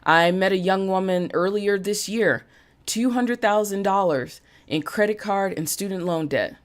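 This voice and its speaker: This podcast host and business coach has a medium-pitched voice and a measured pace. Leading a live-streamed motivational talk, she repeats phrases for emphasis in an emphatic delivery, with an occasional cough.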